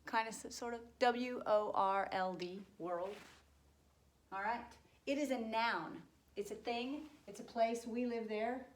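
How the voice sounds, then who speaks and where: A woman's voice: a little high, echoey room. Cheerful woman teaching spelling. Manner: cheerful, encouraging, spells slowly. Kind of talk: spelling lesson for children.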